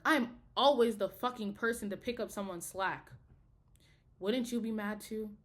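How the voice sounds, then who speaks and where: A woman's voice: mid-range voice, a bit bright. A young woman, a college student, talking heatedly and profanely in a casual video diary. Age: young adult. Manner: heated, profane, emphatic ranting.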